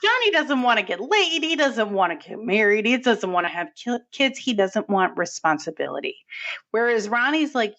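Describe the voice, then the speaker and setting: A woman co-hosting a film podcast in casual chat, animated and acting out movie lines. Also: a little high, normal speed, dull audio. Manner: animated, acts out movie lines in character voices. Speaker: podcast co-host.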